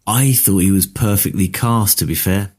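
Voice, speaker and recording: A man's voice: sits low, moderate pace, darkish tone. A man with an Essex accent, co-hosting a podcast in casual chat, rambling and thinking aloud with many asides. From Essex, England. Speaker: podcast co-host.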